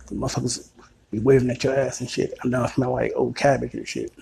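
A man's voice: medium pitch, steady tone, a little fast, gravelly, a little mellow, husky. A man giving a rambling, crude comic rant, repeating himself and putting on other people's voices. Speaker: comedic ranter.

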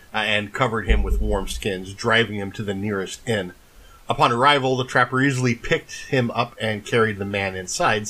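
A man's voice: fairly low pitch, a bit bright, poor audio. A man co-hosting a casual podcast, telling folklore stories between laughing, tipsy banter at home. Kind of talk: casual storytelling chat.

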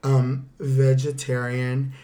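A woman chatting casually as a podcast co-host, teasing her friend and telling a quick family story. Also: extremely low pitch, completely flat delivery, dark tone. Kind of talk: casual chat.

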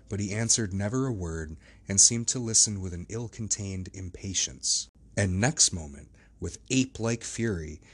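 A man with a very deep, low voice reads a classic novel aloud as an audiobook. His narration is steady and measured. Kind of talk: scripted narration.

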